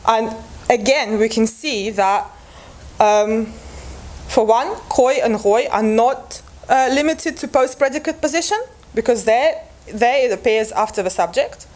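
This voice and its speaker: A woman's voice: fairly high pitch, unhurried, a little mellow. A woman presenting linguistics research at an academic conference, explaining step by step with frequent restarts and fillers.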